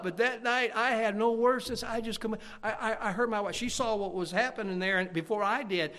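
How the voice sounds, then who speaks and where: Preacher guy, high voice, gets real loud then goes soft and close. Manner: swings between loud fervent preaching and quiet intimate asides. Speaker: pastor. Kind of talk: sermon.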